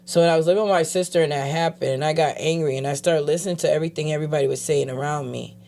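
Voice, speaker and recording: A woman guest telling her personal story in a casual interview, animatedly acting out other people's voices and dropping quiet when she turns serious. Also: low-pitched, very fast, vocal fry. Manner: animated, acts out quoted voices. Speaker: guest, advocate.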